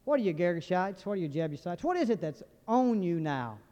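Folksy preacher, lively high voice. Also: male voice, brisk. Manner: folksy, humorous, asks the crowd questions. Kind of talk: sermon. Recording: dull recording with long hall reverb.

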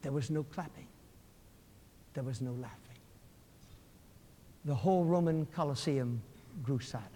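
A man preaching a sermon, telling a story dramatically and swinging from loud outbursts to hushed prayer. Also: mid-range voice, a little slow, pauses often, a little hiss or hum. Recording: hall with long reverb.

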